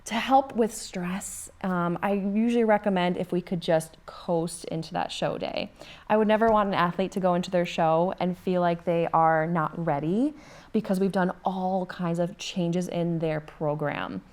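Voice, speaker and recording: A woman's voice: lowish voice, normal speed, a little mellow. A woman with a Minnesota accent, a bodybuilding coach chatting as a podcast guest in an earnest way, with frequent ums and restarts. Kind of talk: casual podcast chat.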